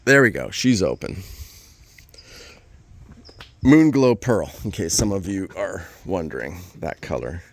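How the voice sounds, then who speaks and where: A man's voice: deep voice, big pitch swings, a little slow, pauses often, slight background noise. A man talking casually and enthusiastically about his vehicle in a rambling vlog walkaround. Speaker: vlogger.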